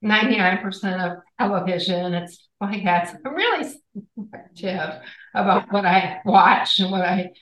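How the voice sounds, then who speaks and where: A woman's voice: medium pitch, normal speed. A woman, a podcast guest and author, telling a story in conversation and acting out what others said. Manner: animated storyteller, acts out quoted dialogue. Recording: echoey room.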